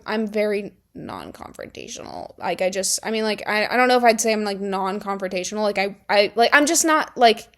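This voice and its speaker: A young woman telling a high school story to camera in a rambling, sarcastic way, full of "like" and laughing often. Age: young adult. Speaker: vlogger. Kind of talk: casual storytime chat.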